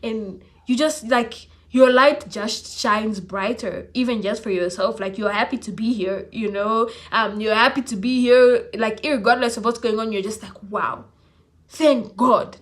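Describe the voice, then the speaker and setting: A young woman vlogging in casual chat, animated and chatty, with many fillers and restarts. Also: fairly high pitch, moderate pace, hardly any pauses.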